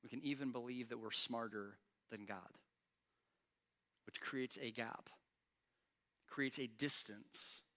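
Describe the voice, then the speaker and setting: Bright-voiced animated male pastor preaching. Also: mid-range voice, takes it slowly, long pauses. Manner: animated, acts out quoted lines with rising intensity. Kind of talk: sermon. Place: church.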